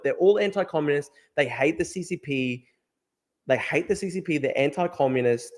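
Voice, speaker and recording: Fast-talking, emphatic Australian man. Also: fairly high pitch, animated. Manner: emphatic, profane, repeats himself. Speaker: livestream host. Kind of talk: casual political livestream talk.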